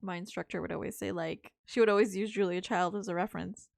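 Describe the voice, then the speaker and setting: A woman's voice: lowish voice, fairly even intonation, quick pace, gravelly, no echo, studio quality. A young woman chatting casually while she plays a game, rambling and swearing when she gets stuck. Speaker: streamer. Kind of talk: casual live-stream commentary while playing.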